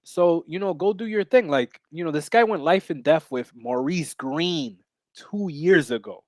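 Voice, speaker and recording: A man's voice: a little high, a little slow, no echo, clean studio sound. A man co-hosting a fight betting podcast, talking in a brash, rambling way with lots of fillers and swearing. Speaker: podcast co-host and MMA bettor. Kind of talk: casual betting chat.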